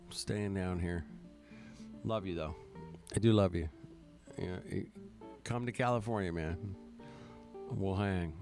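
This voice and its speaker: A man with a fairly low voice hosts a relaxed livestream from home. He drawls slowly, swears freely and keeps saying "man" and "bro". Guitar music plays clearly behind him. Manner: slow, laid-back drawl, swears freely, says "man" and "bro" often. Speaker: livestream host. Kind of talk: casual chat reading viewer comments. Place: at home, in California.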